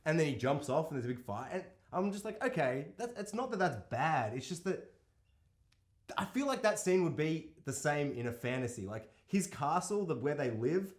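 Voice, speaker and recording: Male podcast co-host, slightly high voice, animated and incredulous, casual and sweary, in an echoey room. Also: moderate pace. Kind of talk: casual film discussion.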